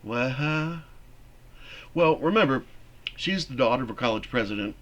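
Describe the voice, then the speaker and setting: A man teaching a theater class, explaining a play in an animated, conversational way. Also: mid-range voice, normal speed. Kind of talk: classroom lecture.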